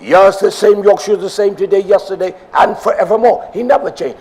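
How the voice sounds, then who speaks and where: An older man preaching a sermon, swinging from loud emphasis down to near whispers. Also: sits high, brisk, few pauses, breathy edge, poor audio.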